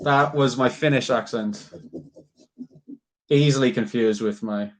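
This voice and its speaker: A man's voice: medium pitch, unhurried. A man chatting casually with live viewers while he carves, rambling, swearing freely, and laughing often. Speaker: livestreamer.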